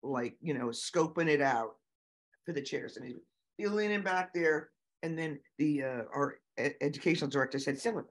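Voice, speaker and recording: A middle-aged woman, a guest on an interview show, telling lively stories with many fillers and giving emphatic advice. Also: low voice, normal speed. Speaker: guest, nonprofit founder and autism parent. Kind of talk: conversational storytelling interview.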